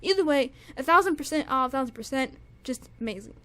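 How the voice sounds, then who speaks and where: A young woman with a high voice reviews music in a casual, gushing way. She repeats herself, stacks up fillers and restarts, and keeps circling back to how amazed she is. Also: expressive, a little fast, sharp tone. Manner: gushing, repetitive, lots of "like" and restarts.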